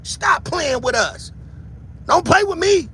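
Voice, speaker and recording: A man giving heated livestream commentary who shouts, taunts his viewers and keeps repeating a catchphrase. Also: very high-pitched, lively intonation, slow, slight background noise.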